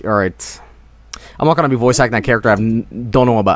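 A man's voice: on the low side, fast talker. A young man giving casual live gameplay commentary, rambling and full of fillers. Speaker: streamer.

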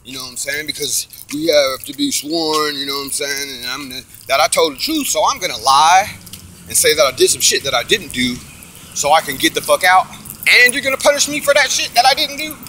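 A man's voice: fairly high pitch, fairly quick, slight background noise. A man casually telling a story about his own court case, swearing often, acting out what others said and preaching about faith. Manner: animated, profane, preachy, acts out quotes.

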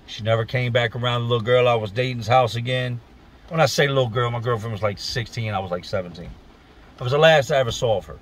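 A man from Richmond, Virginia, casually telling a true story to his channel in blunt, profane street slang. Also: mid-range voice.

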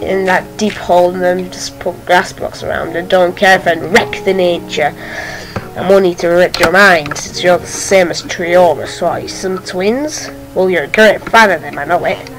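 A woman's voice: lowish voice, poor audio. Chatty young woman narrating her gameplay. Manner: chatty, talks to an in-game villager, sometimes drops to a whisper. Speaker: Minecraft channel host. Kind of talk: casual gameplay commentary. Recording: game music playing behind the voice.

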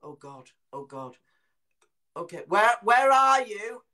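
A man's voice: very high voice, moderate pace, bright, forceful tone, pitched above the performer's own voice. A man doing a flustered, fretting bloke. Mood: alarmed. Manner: worried, exclaiming. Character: flustered middle-aged man, anxious helper.

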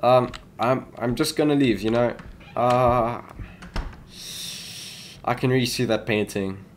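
A young man talks his way through a horror game, jumpy and chatty, with a voice of middling pitch. A faint hiss sits under the recording, and keyboard tapping drifts in behind him. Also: slow pace. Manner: jittery, talks to the game, yelps in panic. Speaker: gaming YouTuber.

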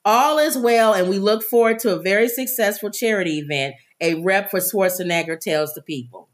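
A woman's voice: medium pitch, moderate pace. A woman co-hosting a casual talk show, reading news stories aloud and breaking off to joke. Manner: reads stories then jokes and does impressions.

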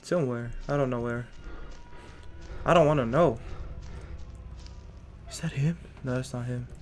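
A man's voice: mid-range voice, measured pace, soft background music. A young man streaming a horror game, jittery and scared, muttering to himself and taunting the monster in slangy talk. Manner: slangy, keeps saying bro. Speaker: gaming streamer. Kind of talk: horror game let's play commentary.

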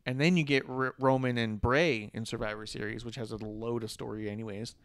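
A man's voice: mid-range voice, steady tone, brisk, clean tone, no echo, studio quality. A man co-hosting a podcast, rambling in casual chat, swearing freely and chuckling. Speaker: podcast co-host.

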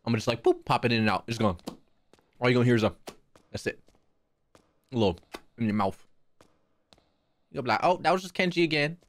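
A man's voice: mid-range voice, a little fast, long pauses, no room sound. A young man streaming a horror game, cracking crude jokes to his chat and muttering nervously to himself. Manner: jokey, profane, talks to chat. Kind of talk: live gaming commentary.

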